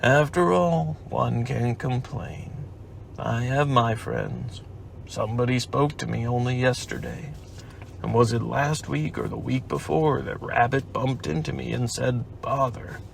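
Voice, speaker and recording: A man voicing a gloomy, self-pitying old male donkey in a storybook reading, speaking slowly and dolefully. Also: medium pitch, creaky, a little hiss or hum. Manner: slow, doleful, pompous speechmaking.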